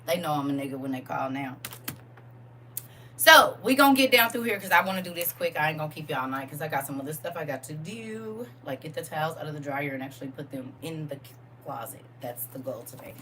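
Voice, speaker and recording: A woman with a bright, sharp voice hosts a casual livestream lesson, joking and drawling at her viewers as she leads a reading. She sits a little back from the mic, with faint noise behind her. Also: deep voice, lively intonation, fast, far from the mic. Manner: playful and joking, laughs often, drawling and teasing. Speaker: livestream host leading a reading. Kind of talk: casual livestream teaching, talking to chat.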